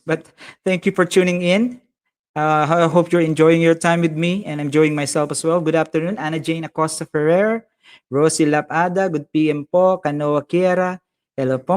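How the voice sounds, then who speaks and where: A man with a Filipino accent teaching a live online science lesson, cheerfully greeting viewers by name and code-switching as he reads their comments. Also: fairly high pitch.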